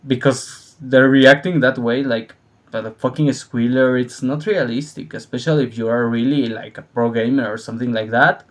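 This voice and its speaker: A man, probably middle-aged, giving a casual, profane opinion monologue, laughing a lot and acting out scenes with shouted voices. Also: mid-range voice, steady tone, normal speed. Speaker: vlogger.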